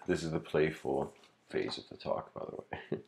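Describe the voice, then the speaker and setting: A man's voice: a bass voice, slow, creaky, background noise. A man giving a casual lecture, telling a story in a rambling way with lots of filler words and frequent chuckles.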